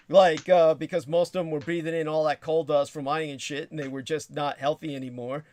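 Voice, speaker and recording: Profane rambling livestream host, dry close sound. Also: male voice, on the high side, flat delivery, fairly quick, few pauses, a little mellow, no echo. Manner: digressive, profane, reads chat comments aloud. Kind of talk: rambling monologue storytelling.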